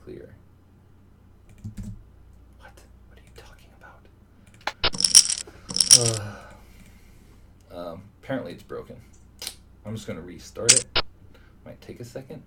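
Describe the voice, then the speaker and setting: A man with a low, gravelly voice thinks aloud as he talks through his own online poker session at the computer. He mutters half to himself, a little way off the mic. Steady background noise and keyboard clicks sit under him. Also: takes it slowly, pauses often, distant mic.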